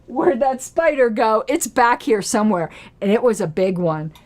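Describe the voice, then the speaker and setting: A woman hosting her own political commentary show from a home studio. She talks in a chatty, rambling way, gets excited, and reads aloud from old newsletters. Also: on the high side, normal speed.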